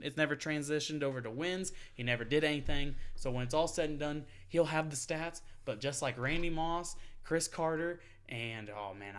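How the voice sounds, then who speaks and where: A man's voice: mid-range voice, fairly bright tone, clean tone. Ranting profane young man on sports. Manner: profane, ranting, laughs often. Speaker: podcast co-host. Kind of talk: casual sports chat.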